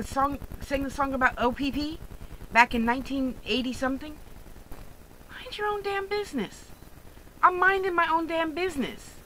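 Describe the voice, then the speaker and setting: Woman vlogger, higher pitch, bright edge, blunt sarcastic profane rant, faint hiss behind. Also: rough recording. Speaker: online jewelry and crystal seller. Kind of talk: ranting vlog monologue.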